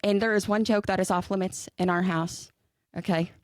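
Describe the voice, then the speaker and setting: A woman's voice: mid-range voice, steady tone, normal speed, no room sound. Casual co-host, a mother telling stories about her kids with giggles, dry studio sound. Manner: chatty, giggly, self-deprecating storyteller. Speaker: podcast co-host. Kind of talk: casual chat.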